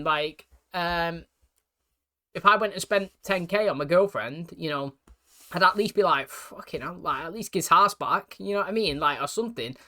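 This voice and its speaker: A man's voice: on the high side, pushed and bright. A man giving casual reaction commentary, chatty and rambling, often asking if you know what he means. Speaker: reaction video host.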